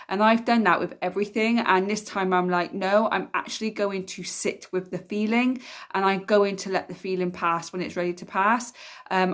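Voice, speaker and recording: Casting note: woman, solo vlogger, reflective and frank, speaks plainly with lots of ums. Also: mid-range voice. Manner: reflective, candid, many ums and soft trailing-off. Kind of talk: casual vlog talk to camera.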